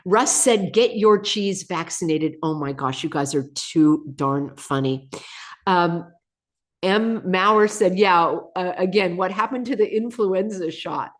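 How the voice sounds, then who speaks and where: A woman's voice: lowish voice, a little slow. A woman hosting a live stream, chatting casually, laughing often and reading viewer comments aloud, slightly under the weather. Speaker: channel host.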